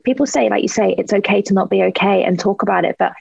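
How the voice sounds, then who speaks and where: A woman's voice: medium pitch, fast talker, creaky, a little mellow, slightly rough, no room sound, lo-fi sound. A woman, a podcast guest talking candidly, earnest and thoughtful as she searches for words. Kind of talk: candid interview talk.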